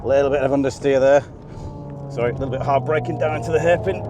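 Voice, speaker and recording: A man presenting a car video, giving excited, chatty commentary from inside a car on a race circuit and often laughing. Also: mid-range voice, fast, dull audio. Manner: enthusiastic, chatty, breaks into laughter. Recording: loud engine and road noise. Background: car engine and track noise.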